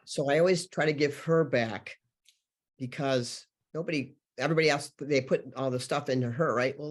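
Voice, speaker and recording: A man guest on a spiritual podcast, telling stories earnestly and rambling with many fillers. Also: medium pitch. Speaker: podcast guest, healer and channeler. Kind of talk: spiritual interview conversation.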